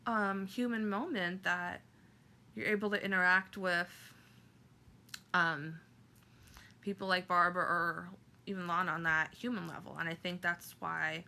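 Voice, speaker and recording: A woman vlogger telling a personal story to camera, halting and emotional, with many fillers and restarts. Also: on the low side, fairly even intonation, vocal fry, sharp tone.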